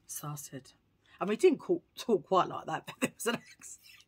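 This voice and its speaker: A woman vlogger telling a story to camera in a chatty, animated way, full of asides. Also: lowish voice, normal speed, breathy edge.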